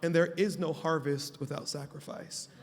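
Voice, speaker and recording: A man's voice: fairly high pitch, fairly even intonation, moderate pace. A male pastor speaking on a live conference panel with an emphatic, preacher-like cadence. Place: conference stage before a live audience. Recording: long reverb of a large hall.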